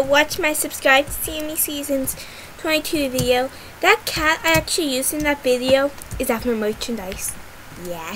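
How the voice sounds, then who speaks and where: Chatty woman gamer in her bedroom, high and slow-paced, giggly. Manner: giggly, rambling, with sudden excited squeals. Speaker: gaming channel host. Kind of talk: casual gameplay commentary. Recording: noisy, fireworks popping behind. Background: fireworks.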